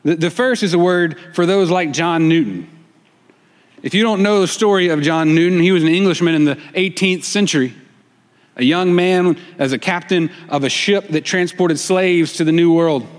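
A man preaching a sermon, retelling a story and voicing the dialogue in a shifting, expressive way. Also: on the high side, moderate pace. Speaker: pastor. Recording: long reverb of a church hall.

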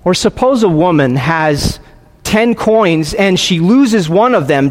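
A man preaching a sermon, leading a silent prayer and reading scripture in an earnest, pausing way with frequent restarts. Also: very high-pitched. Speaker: pastor. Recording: long hall reverb.

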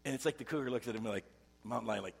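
A man preaching a sermon as pastor, telling a story and shifting between loud emphatic bursts and hushed, near-whispered lines. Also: medium pitch, racing, gravelly, breathy edge, long reverb tail. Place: church sanctuary.

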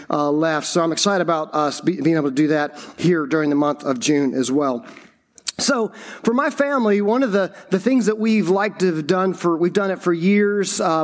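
A middle-aged man, a campus pastor, giving a conversational sermon full of stories and fillers. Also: high voice. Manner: conversational, anecdotal storytelling with frequent fillers.

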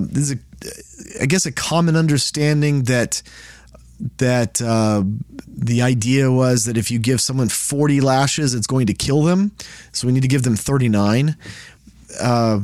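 Man, bible study host, casual teaching, folksy, sarcastic quote voices, mid pitch, dry sound. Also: a little mellow, dry recording.

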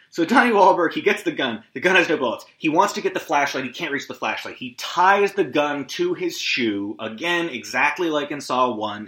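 Male podcast host, bright, sharp tone, rambling recap with profane asides, lo-fi echoey room. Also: mid-range voice. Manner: rambling, scattered, swearing, self-deprecating asides. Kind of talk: solo movie recap.

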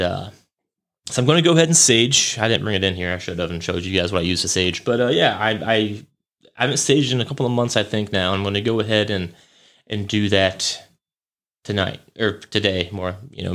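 A man's voice: fairly low pitch, fairly quick, fairly bright tone. A young man hosting a podcast, rambling through a casual story with lots of fillers, swearing and chuckles. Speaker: podcast host.

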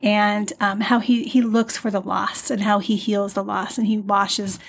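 A woman hosting a devotional podcast, talking gently and off the cuff with fillers, and reading hymn verses slowly and tenderly. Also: medium pitch, flat delivery, creaky, breathy edge. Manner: gentle, unscripted, with fillers and restarts. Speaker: podcast host.

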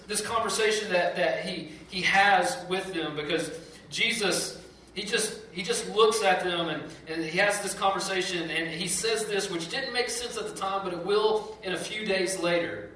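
A male pastor preaches in a storytelling way, stumbling over words and acting out the lines of people in the story. His voice is slightly high and bright. He is caught from a distance, with a strong room echo and faint background noise. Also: normal speed. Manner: storytelling, acts out quoted voices with repeats and restarts. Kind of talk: sermon.

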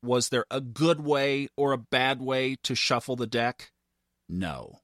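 A man in his fifties hosts a podcast and tells a personal story in a monologue. He is earnest and builds to animated emphasis. His voice sits mid-range and sounds dry and close. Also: medium pitch, slow pace, dry recording. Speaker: podcast host.

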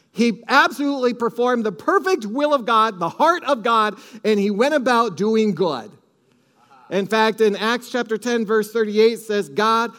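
A man's voice: high-pitched, fairly bright tone. A man preaching a sermon with strong emphasis, leading the congregation to repeat phrases after him. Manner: emphatic, leads congregation in call-and-response.

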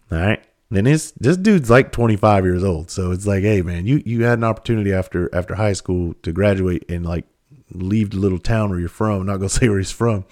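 Deep-voiced man telling stories. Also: a little mellow. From South Carolina. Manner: loose, profane, conversational with frequent fillers. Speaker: comedian and speaker. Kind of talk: casual storytelling monologue.

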